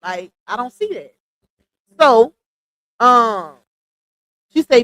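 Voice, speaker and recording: A woman's voice: a little high, expressive, slow, pauses often, a bit bright, no room sound, rough recording. A woman commenting casually on a livestream, chatty and laughing often as she reads posts aloud.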